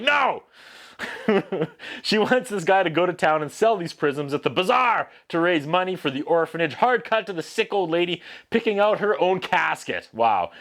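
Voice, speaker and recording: A man's voice: fairly high pitch, fairly bright tone. A man hosting a casual, comedic movie recap, with lots of sarcastic, wry asides. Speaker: film reviewer host.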